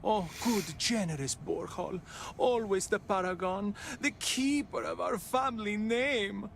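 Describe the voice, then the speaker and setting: A man's voice: high-pitched, a little slow, creaky, fairly bright tone, slight background noise, exaggerated voice. An actor playing a pompous, mocking drunkard who sneers at his brother. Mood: sarcastic. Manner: sneering, sarcastic.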